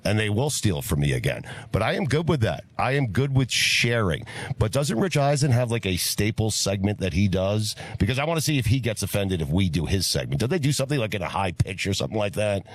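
Low voiced guy hosting sports radio, voice swings all over, laughing and ribbing his cohost. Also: very animated, a little fast. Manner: laughs often, teasing. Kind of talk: casual radio banter.

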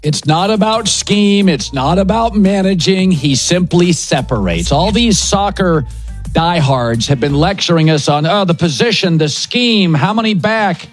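A man hosting sports talk radio, his voice pitched high and swinging widely as he hammers home his opinions in short punchy bursts. Faint music sits under the talk. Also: animated, a little slow. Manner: emphatic, declarative, riffing in short punchy phrases. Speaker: sports talk show host.

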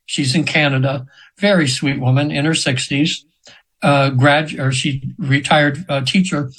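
A man's voice: fairly high pitch, fairly even intonation, a little slow, fairly bright tone, slightly rough, poor audio. A man in his seventies telling stories as a guest in an interview, rambling with fillers and restarts, sometimes acting out voices he quotes. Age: 70s. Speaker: guest hypnotherapist. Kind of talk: casual storytelling in an interview.

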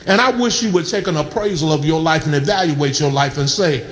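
A man preaching a sermon as pastor, building to shouts and calling on the congregation to respond. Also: fairly high pitch, brisk, hardly any pauses, echoey room, in a large hall, poor audio. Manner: preaching with rising shouts and audience calls.

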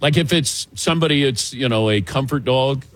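An older man hosting a casual sports talk show, telling animated stories and laughing often. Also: medium pitch, moderate pace. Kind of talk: casual sports radio chat.

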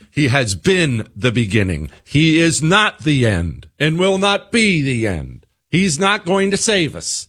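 A man's voice: fairly high pitch, a bit bright, husky. A man hosting his own radio show, talking straight to listeners in an emphatic monologue that leans on repeated phrases.

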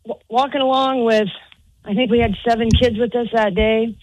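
A woman calling into a radio show, telling an animated story. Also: on the high side, normal speed, low-quality recording. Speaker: caller.

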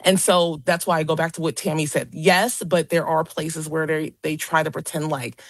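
A woman's voice: low-pitched, level tone, moderate pace, dry recording. Eager woman investigator, dry sound. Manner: enthusiastic, restarts often. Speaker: guest paranormal investigator. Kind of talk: talk show interview.

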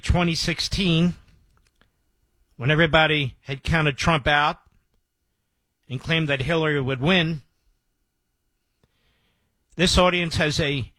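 A man's voice: on the high side, slow pace, pauses often, pushed and bright, dry recording. A man hosting talk radio, speaking emphatically and boastfully and repeating key phrases for effect. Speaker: radio talk show host.

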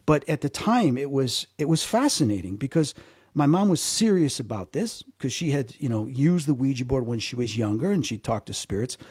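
A man telling a story in a casual conversation, animated, repeating words and acting out the voices of the people in it. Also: medium pitch, normal speed, slightly rough, no echo, studio quality. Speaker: guest.

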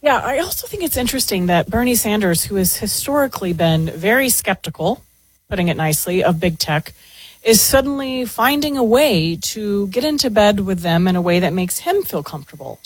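Woman co-host, lively pitch, slightly husky, dry quick asides. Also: no room sound, low-quality recording. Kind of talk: casual political chat.

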